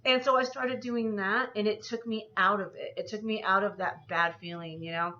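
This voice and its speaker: A woman's voice: mid-range voice, fairly even intonation, normal speed, bright, forceful tone, dull audio. A woman anxiety coach talking casually to camera in a personal vlog, rambling as she talks herself through her feelings.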